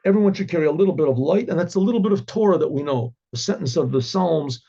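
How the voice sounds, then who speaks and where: A man, a rabbi, telling a story with a moral in a halting way, often repeating words and clearing his throat. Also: on the high side, expressive, warm tone, highs cut off.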